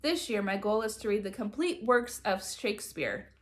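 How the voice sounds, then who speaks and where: A woman's voice: medium pitch, lively intonation, moderate pace, natural voice. A woman doing a smug know-it-all schoolgirl. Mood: prim.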